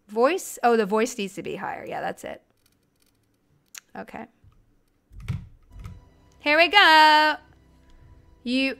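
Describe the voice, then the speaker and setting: Excitable chatty woman streamer. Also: fairly high pitch, gravelly. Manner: excitable, chatty, self-deprecating. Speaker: game streamer. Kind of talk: live gameplay commentary.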